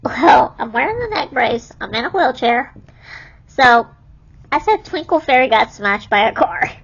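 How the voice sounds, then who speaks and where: High-voiced woman telling stories slowly. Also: breathy edge, lo-fi sound. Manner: laughs often while telling, animated quoting of others. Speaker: vlogger telling her life story. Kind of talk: casual storytelling.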